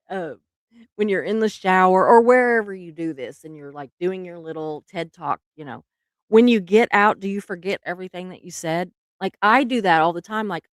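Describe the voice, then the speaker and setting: A woman's voice: lowish voice, no room sound, clean studio sound. A middle-aged woman, hosting a casual live stream, chatty and laughing often, trailing off mid-sentence.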